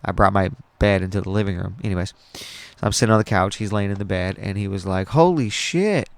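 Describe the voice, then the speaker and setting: A man with a low, gravelly voice tells a long story on his podcast, rambling and swearing as he goes, often stopping to restart a sentence. The sound is dry and close, with no room echo. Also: little pitch movement, quick pace. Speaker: podcast host. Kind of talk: casual storytelling monologue.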